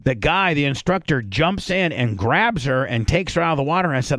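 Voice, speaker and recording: A man's voice: on the high side, lively intonation, moderate pace, few pauses, a bit bright, no echo, studio quality. A man hosting a podcast, telling stories in a blunt, profane, rambling casual chat. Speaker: podcast host.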